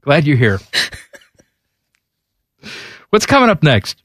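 A man's voice: on the high side, huge pitch swings, fairly quick, fairly bright tone, no room sound, clean studio sound. A man in his forties hosting a sports radio show, with casual, irreverent, wisecracking banter. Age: 40s. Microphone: studio microphone.

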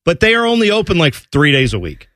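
Man, sports radio host, slightly high voice, dry studio sound, joking banter. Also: fast talker, dry recording. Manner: animated, joking storyteller.

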